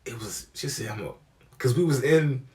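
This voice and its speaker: A young man telling a comic story, profane and animated, acting out the people he quotes. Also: mid-range voice, normal speed. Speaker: comedian. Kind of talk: storytelling comedy.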